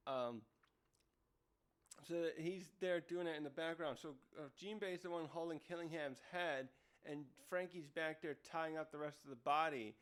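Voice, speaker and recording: Rambling through a comic chapter review, this manga reviewer thinks aloud and often stops to correct himself mid-sentence. He speaks at normal speed in a slightly high, a bit bright and clean voice.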